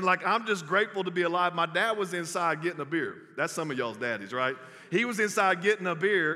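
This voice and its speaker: A young man preaches a sermon in a folksy, storytelling way. His voice sits fairly high and sounds bright and forceful. The sound rings out with the long reverb of a large hall. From Texas. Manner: folksy storytelling, addressing the crowd as y'all. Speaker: pastor.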